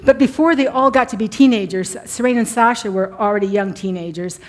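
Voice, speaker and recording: An older woman presenting a couples workshop at a conference, telling lively stories and putting on quick mock voices. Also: mid-range voice. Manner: animated storytelling, mock voices. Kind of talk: conference talk. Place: church conference hall.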